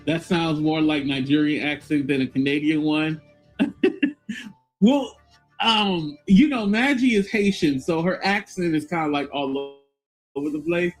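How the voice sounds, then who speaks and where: A man's voice: on the high side, measured pace, soft background music. A man co-hosting a livestream commentary, who laughs often and mimics other people.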